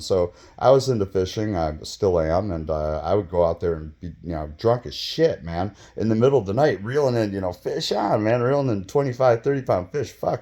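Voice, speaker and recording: A man in his fifties telling a casual story, rambling and profane, with many fillers and sudden bursts of excitement. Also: fairly low pitch. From Michigan, US. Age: 50s. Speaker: vlogger telling his own stories.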